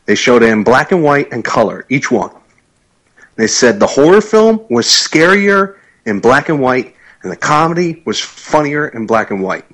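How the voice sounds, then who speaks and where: Husky male co-host, lively swinging pitch, sardonic storyteller. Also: normal speed, poor audio. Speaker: podcast co-host. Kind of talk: casual banter.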